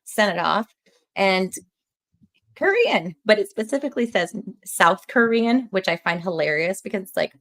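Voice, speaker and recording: A woman hosting a casual podcast chat, animated and laughing often as she tells stories. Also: mid-range voice, moderate pace. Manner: animated, laughs often, talks with her hands. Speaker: podcast host.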